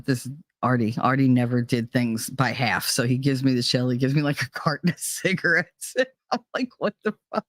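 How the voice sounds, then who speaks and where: A woman with a very deep voice hosts her own vlog, telling a personal story candidly and profanely and acting out the people in it through quoted dialogue. The recording is dry.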